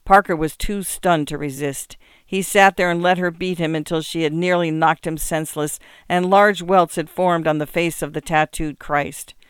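A woman reading short stories aloud for radio, measured and expressive. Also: sits low, clean tone, no echo, studio quality. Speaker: radio reader and host. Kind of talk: scripted narration of short stories.

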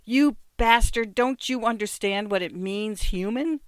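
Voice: mid-range voice, steady tone, a little slow, fairly bright tone, clean tone, no echo, natural voice. A reader voicing a poor, frail old immigrant father who pleads and cries out in a strained, raised voice. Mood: furious. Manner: pleading, then furious cries.

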